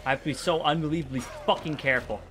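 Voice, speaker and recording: A man's voice: a little high, very fast, fairly bright tone, a little hiss or hum. A man casually commenting on his gameplay, often frustrated and swearing at the game and its characters. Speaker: gameplay streamer.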